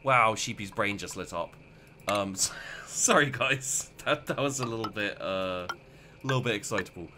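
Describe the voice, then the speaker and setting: A man's voice: on the low side, moderate pace, sharp tone, slight background noise. A man casually commentating his gameplay, rambling and mocking himself as he plays. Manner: rambling, self-mocking, talks to himself while playing. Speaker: let's play gamer.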